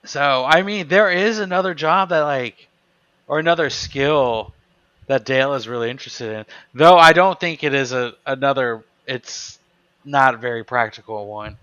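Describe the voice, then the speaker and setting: A man's voice: mid-range voice, moderate pace, fairly bright tone, smooth. A man joins a podcast chat, feeling his way through sentences and restarting them often. His voice sits in an ordinary middle range and comes through slightly dull and lo-fi. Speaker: podcast co-host. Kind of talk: casual chat.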